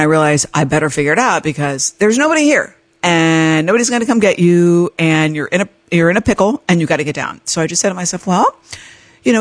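A woman's voice: on the low side, dry recording. A middle-aged woman hosting a podcast, telling a personal story in a chatty, self-mocking way with many fillers. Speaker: podcast host. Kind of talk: casual storytelling monologue.

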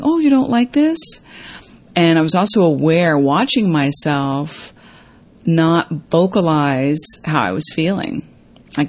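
A woman hosting a casual self-help talk to viewers, chatty and full of fillers, acting out quoted lines in a higher voice. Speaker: host.

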